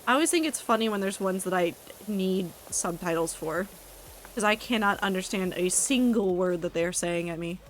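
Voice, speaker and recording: A woman's voice: medium pitch, normal speed, slight background noise, rough recording. Chatty woman streamer reading chat. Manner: chatty, wry, reacting to chat with asides and profanity.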